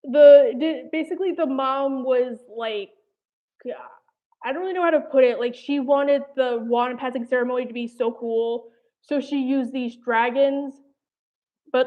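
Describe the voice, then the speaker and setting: A young woman from New chatting casually on a livestream, hesitant and rambling. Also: high-pitched. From New Jersey. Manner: rambling, hesitant, many "like" and "I don't know". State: slightly out of breath. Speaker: animation commentary channel host. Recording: tinny phone-like audio.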